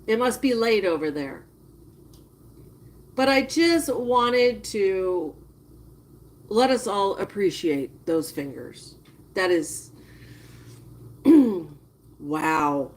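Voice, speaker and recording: Slow-talking woman on a live stream. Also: medium pitch. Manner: disgusted, drawn-out reactions while chatting to viewers. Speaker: livestreamer. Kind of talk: casual live-stream commentary.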